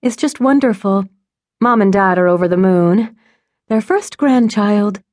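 A woman's voice: medium pitch, lively intonation, unhurried, darkish tone, no room sound, studio quality, pitched above the performer's own voice, lightly acted. A woman voicing an anxious young woman who sells jewelry, earnest and putting on forced cheer, in an audiobook.

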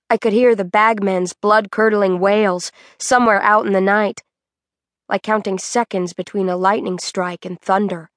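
Woman narrator, mid-range voice, measured dramatic read, dry studio sound. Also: medium pitch, steady tone, no room sound. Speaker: audiobook narrator. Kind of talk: scripted audiobook narration.

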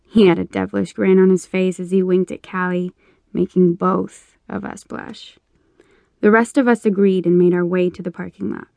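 A woman narrating a romance audiobook in the first person, with measured storytelling. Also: on the low side, little pitch movement, gravelly, mellow, no room sound.

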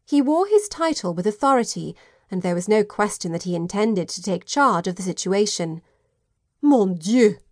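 In a dry, studio-quality recording, a woman reads an audiobook from a script. Her voice is medium-pitched and her storytelling stays measured and even.

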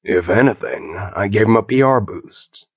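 Man doing a gravelly, cocky agent. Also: lowish voice, animated, normal speed, no echo, studio quality. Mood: smug. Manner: cocky, scoffing. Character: smug, cocky male agent, insubordinate. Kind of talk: audiobook character voice.

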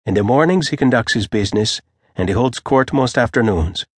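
A man voicing a calm, unbothered middle-aged female secretary in an audiobook, speaking in a composed, faintly derisive way. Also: medium pitch, a little fast, husky, dry recording, studio quality.

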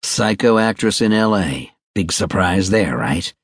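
Sleazy foul-mouthed producer guy, low husky grumble, dry close sound, voiced by a man. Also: expressive, a little slow, no echo, exaggerated voice. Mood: gruff. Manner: gruff, profane, blustering. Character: crude, sleazy middle-aged male film producer.

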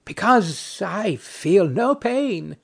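A haughty, affronted noblewoman, insisting on her virtue, voiced by a man reading the play. The voice sits high and swings widely, and every word is drawn out slowly. It has a gravelly grain under it. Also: expressive, fairly bright tone, heavily acted. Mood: indignant. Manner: prim, affronted, insistent questioning. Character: proud indignant Spanish noblewoman in hell. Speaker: audiobook narrator. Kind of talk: reading a stage play aloud.

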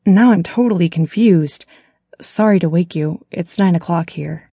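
A man's voice: high-pitched, a little slow, creaky, dark tone, husky, dry recording, heavily acted. A woman narrator voicing a worried young man who is calling his sister from abroad, speaking urgently and earnestly in an audiobook. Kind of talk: audiobook character voice.

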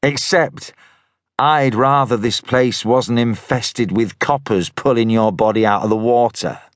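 An actor voicing a wry, stocky northern man with a thin, nasal northern English accent who speaks slowly and teasingly. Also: mid-range voice, no room sound, studio quality, natural voice.

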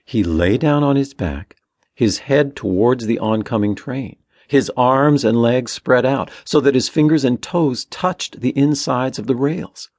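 An audiobook narrator, a man with a medium-pitched voice, reads a young adult novel aloud in steady, measured narration. The scripted reading is captured as a dry, studio-quality recording.

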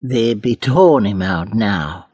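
A male audiobook narrator voicing a scruffy, bearded poor man who speaks slowly and stammers with fear. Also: on the low side, expressive, darkish tone, breathy edge, no room sound, clean studio sound, full character voice. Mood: fearful. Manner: stammering, slow and fearful.

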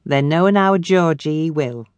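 A woman reading an audiobook, voicing a cheerful, excitable young woman who gushes. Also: low voice, normal speed, smooth, no echo, natural voice. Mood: fond. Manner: gushing and exclaiming.

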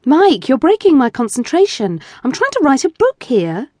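A woman's voice: high-pitched, wildly swooping pitch, normal speed, darkish tone, dry recording, voice pushed up. Woman voicing a teasing, playful wife. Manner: teasing, coaxing.

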